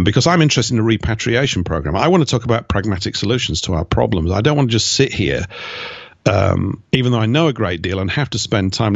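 Gravelly low man, emphatic. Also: no room sound, highs cut off. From Britain. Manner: emphatic, mocking asides. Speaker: interview guest. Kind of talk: opinionated conversational interview.

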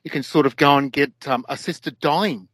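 A man's voice: fairly high pitch, moderate pace, fairly bright tone, no room sound, rough recording. Hesitant rambling man, dry close sound. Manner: hesitant, rambling, many fillers. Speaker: podcast co-host. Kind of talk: casual conspiracy talk show.

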